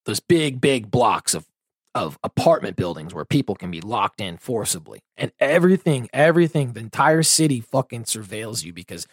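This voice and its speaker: A man's voice: medium pitch, sing-song, normal speed, breathy edge, dry recording, studio quality. A man hosting a podcast, ranting with constant swearing and sarcasm. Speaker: podcast host. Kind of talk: profane ranting commentary.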